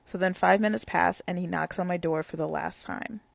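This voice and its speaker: Young woman rambling thru a storytime, lots of "like", kinda low voice, dry close sound. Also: fairly even intonation, a little fast, gravelly, no echo. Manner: rambling, full of "like" fillers. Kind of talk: casual storytime.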